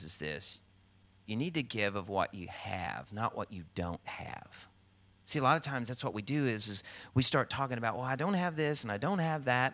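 A middle-aged man preaching a sermon as pastor, telling stories and acting out quotes with lively swings in voice. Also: mid-range voice. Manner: storytelling with animated acted-out quotes.

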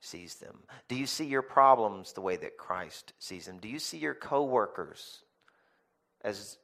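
Lively storytelling male pastor, low voice. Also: measured pace, vocal fry. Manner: lively storytelling with rhetorical questions; jokey asides to the congregation. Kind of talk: sermon.

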